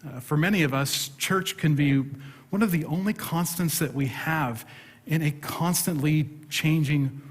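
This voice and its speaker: In a church sanctuary with long hall reverb, this middle-aged pastor delivers a sermon that includes a humorous, self-deprecating story. He speaks unhurriedly in a slightly high voice.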